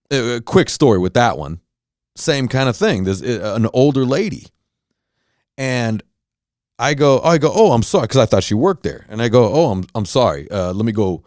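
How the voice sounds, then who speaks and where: A man's voice: lowish voice, a little mellow, no room sound, studio quality. A middle-aged man from Southern California telling a heated, profane story in a casual monologue rant, with lots of restarts. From Los Angeles County, Southern California. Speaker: podcast host.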